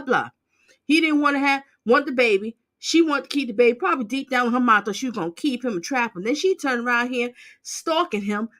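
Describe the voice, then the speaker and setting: A woman hosting a channel, reacting bluntly and loudly to court clips in casual commentary. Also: fairly high pitch. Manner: animated, exclaiming, sassy and blunt.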